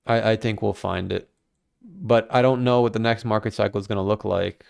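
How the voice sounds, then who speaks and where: A man with a smooth, clear, fairly low voice, hosting a casual livestream. He rambles through his thoughts in an animated, self-mocking way and swears freely. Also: moderate pace. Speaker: crypto livestream host.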